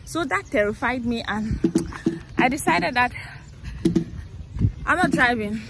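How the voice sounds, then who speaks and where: A woman's voice: a little high, lively intonation, a little slow, creaky. A young woman from Cameroon talking casually into her phone while walking along a busy city street, shy and laughing often. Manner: chatty, self-conscious, laughs often. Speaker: vlogger. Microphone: phone held while walking. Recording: phone recording with loud street traffic. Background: cars and motorbikes passing.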